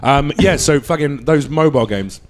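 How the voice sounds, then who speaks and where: A man's voice: a little high, moderate pace, crowd noise. A man hosting a comedy podcast, chatting casually in a rambling, profane, self-mocking way. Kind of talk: casual chat.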